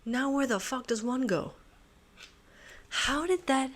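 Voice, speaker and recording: A woman's voice: sits high, lively intonation, slow. A woman hosting a puzzle channel, talking to herself as she solves, muttering, swearing and laughing at herself.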